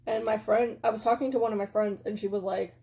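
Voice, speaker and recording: A woman's voice: medium pitch, steady tone, quick pace, dark tone. A young woman vlogging casually at home, reviewing makeup products she regrets buying in a chatty, rambling way full of filler words. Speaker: beauty vlogger.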